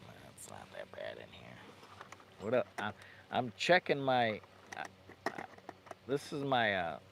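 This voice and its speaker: A man talks slowly and loosely from inside a parked car camper, rambling through his gear on a casual livestream. His mid-pitched voice has a gravelly, fry-laden edge. A faint hiss sits under the recording. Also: a bit bright. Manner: rambling, laughs at himself, baby-talks to his dog. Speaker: vlogger.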